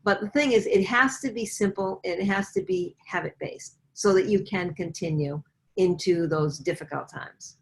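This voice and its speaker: A woman health coach speaking as an interview guest, earnest and lively, often acting out what people say. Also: lowish voice, moderate pace. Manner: earnest, lively, acts out quoted voices.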